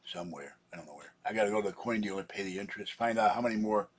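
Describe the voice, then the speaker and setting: A man's voice: lowish voice, rapid-fire, husky. A man vlogging in a rambling, casual chat, grumbling and chuckling to himself.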